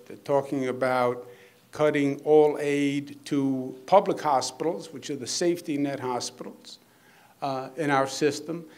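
A man speaking as a governor at a hospital event, talking off the cuff with teasing jokes and earnest praise. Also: a little high. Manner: joking, teasing asides mixed with earnest praise. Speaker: state governor giving a speech. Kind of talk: off-the-cuff public speech.

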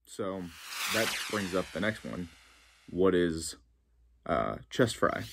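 Gravelly deep-voiced man teaching. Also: takes it slowly, background noise. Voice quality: gravelly low voice with vocal fry. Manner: relaxed, chatty, frequent ums. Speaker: vocal coach. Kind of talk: casual explanatory lesson.

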